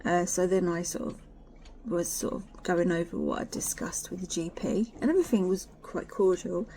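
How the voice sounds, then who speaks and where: A blunt, sweary woman talks straight to camera from home in a warm, mellow voice. She rants freely and drops into whispered asides. A faint hiss sits behind her. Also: fairly low pitch, moderate pace. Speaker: vlogger. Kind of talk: candid personal vlog.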